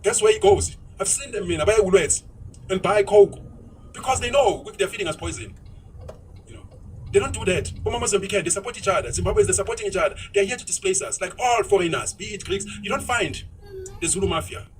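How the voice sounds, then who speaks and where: Fast-talking South African man, high voice. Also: expressive, far from the mic, slight background noise, poor audio. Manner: rapid, outspoken, mixes in Zulu words. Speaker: vlogger. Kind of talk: casual opinionated monologue while driving. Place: inside a moving car.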